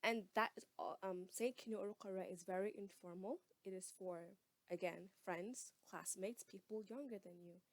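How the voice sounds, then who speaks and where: Woman teacher, patient and friendly, repeats words slowly, dry close mic. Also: mid-range voice, dry recording. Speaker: language teacher. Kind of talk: casual spoken lesson.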